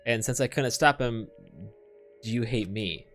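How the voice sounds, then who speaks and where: A man's voice: mid-range voice, a little slow, a bit bright, soft background music. A man streaming, reading a visual novel aloud with sarcastic, swearing asides.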